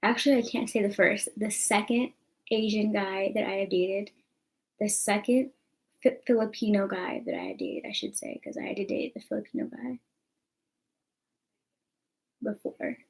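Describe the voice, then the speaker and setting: A young woman vlogging casually, rambling with fillers and asides. Her voice sits at an ordinary pitch but carries plenty of creaky vocal fry. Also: animated, moderate pace, long pauses, low-quality recording. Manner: chatty, rambling, lots of fillers. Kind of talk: casual chat to camera.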